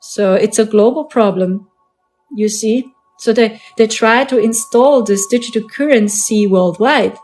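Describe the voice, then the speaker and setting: A woman's voice: on the high side, measured pace, darkish tone, soft background music. German woman hosting a live stream. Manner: earnest, repetitive, emphatic phrasing. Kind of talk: casual live-stream monologue.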